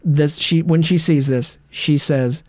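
Animated man riffing on a movie. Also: fairly high pitch, no echo. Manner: animated, quick asides and mocking line readings. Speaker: podcast co-host. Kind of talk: casual movie-review chat.

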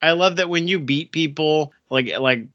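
A man's voice: fairly high pitch, normal speed, fairly bright tone, no echo, lo-fi sound. A man co-hosting a casual chat about video games, rambling with lots of fillers and restarts.

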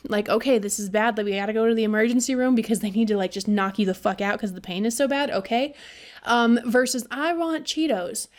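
A woman's voice: mid-range voice, quick pace. A woman hosting a podcast, talking casually and venting with a lot of swearing and laughter. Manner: profane, venting, animated with laughs. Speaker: podcast host. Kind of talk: casual monologue.

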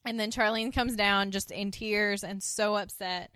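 A woman's voice: mid-range voice, unhurried, smooth, dry recording. A woman, co-hosting a podcast and eagerly retelling a TV episode in casual chat. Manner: animated retelling, acting out characters' lines. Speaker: podcast co-host.

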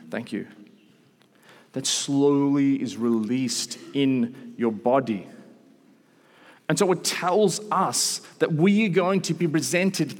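A man in his thirties delivers a sermon to a live room, his voice sitting a touch high for a man. He tells stories with lively asides and restarts. Long reverb from the hall trails behind his words. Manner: animated storytelling with asides. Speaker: preacher. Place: large hall with an audience.

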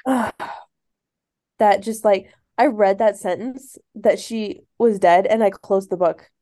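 A woman's voice: medium pitch, slow, mellow. A woman co-hosting a book review chat, talking enthusiastically and laughing between her remarks. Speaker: book podcast co-host. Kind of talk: casual chat.

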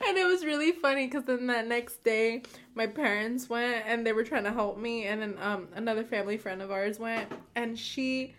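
A young woman co-hosts a casual best-friend podcast. Her voice sits a little high, and she tells stories in a chatty, easygoing way, quick to laugh along. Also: a bit bright, a little hiss or hum. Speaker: podcast co-host.

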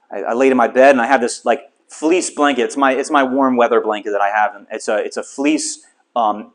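A middle-aged man preaching a sermon, telling a story with lively, self-mocking humor to a small congregation. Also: mid-range voice. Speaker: pastor.

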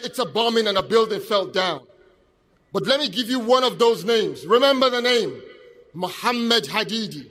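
A man giving an impassioned speech at an outdoor street protest, shouting call-and-response questions to a crowd. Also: very high-pitched. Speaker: speaker at a protest rally.

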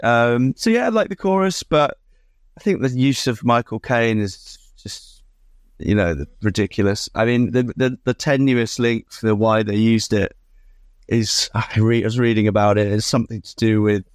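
A man's voice: medium pitch, moderate pace, clean tone, no echo, clean studio sound. A man from co-hosting a podcast, musing in casual chat with lots of hedging. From London. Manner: musing, hedging with ums and "sort of". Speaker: podcast co-host.

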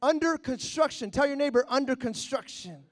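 A middle-aged man preaching a sermon, acting out quotes and breaking into sudden shouts. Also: extremely high pitch, moderate pace. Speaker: pastor.

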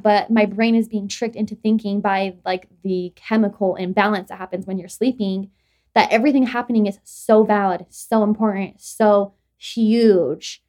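A young adult woman with a medium-pitched, darkish voice hosts a casual chat podcast. She tells stories in a rambling way, full of filler words like "like" and frequent restarts.

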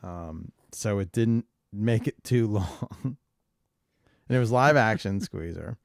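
Low-voiced man in dry casual chat. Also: takes it slowly, creaky, no echo. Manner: rambling, jokey, trails off. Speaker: podcast co-host.

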